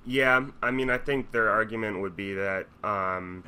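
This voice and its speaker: A man's voice: on the low side, a little slow, clean tone. A man co-hosting a casual podcast chat, talking emphatically and swearing as he makes his points. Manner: animated, emphatic, swears, laughs often. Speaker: podcast co-host.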